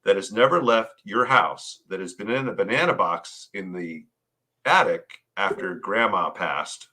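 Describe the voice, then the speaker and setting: Low, bright man speaking earnestly as a guest. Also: animated, a little slow. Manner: earnest, keeps asking "right?". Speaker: podcast guest, paranormal author. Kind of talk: conversational interview.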